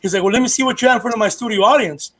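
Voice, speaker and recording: A man's voice: extremely high pitch, very fast, fairly bright tone. A man, a comedian co-hosting a podcast, telling stories in casual chat, rambling and profane with lots of restarts.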